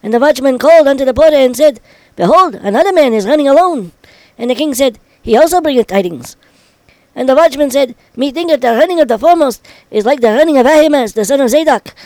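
A man reading an old-style scripture passage aloud in a solemn, measured way. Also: very high voice, expressive, darkish tone, no room sound, poor audio. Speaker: scripture reader.

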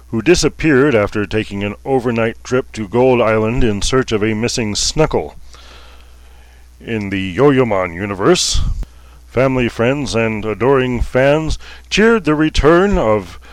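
A man's voice: medium pitch, no room sound. A man hosting a parody newscast in a mock-formal manner, muttering asides. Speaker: comic news anchor.

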